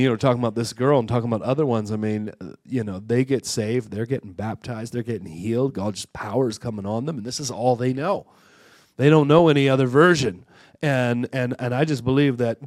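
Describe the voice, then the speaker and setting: A man's voice: medium pitch, darkish tone, no echo, clean studio sound. A man preaching a sermon at a church conference, repeating and restarting words as he builds to fervent, rising calls. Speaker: guest preacher.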